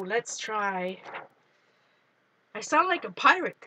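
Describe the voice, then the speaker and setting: A woman with a slightly raised pitch chats casually through a live crafting stream. She talks loosely as she works, greets viewers by name and makes small jokes at her own expense. A faint hum of room noise sits behind her. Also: measured pace, a bit bright, low-quality recording. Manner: chatty, self-deprecating, greets viewers by name. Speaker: art journaling livestream host.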